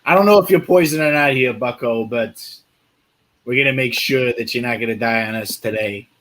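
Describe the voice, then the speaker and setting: Brash male adventurer, loud and blunt, a player putting it on. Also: medium pitch, a little fast, lightly acted. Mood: urgent.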